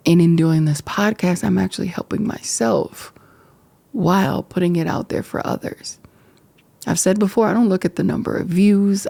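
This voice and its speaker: Emotional woman speaking in a gravelly, mellow voice. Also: medium pitch, no echo. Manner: emotional, reflective, halting at times. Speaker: podcast host. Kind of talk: candid personal talk to camera. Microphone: camera framing.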